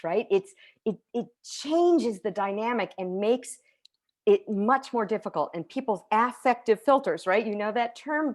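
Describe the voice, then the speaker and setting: A woman teacher giving an online conference talk over a video call, lively and conversational, with frequent check-ins of "right?" and soft laughs. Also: a little high.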